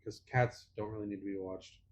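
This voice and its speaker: A man's voice: lowish voice, fairly even intonation, fairly quick. A young man co-hosting a casual podcast chat, teasing his friend in a playful manner. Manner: playful, teasing, puts on voices in anecdotes. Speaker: podcast co-host.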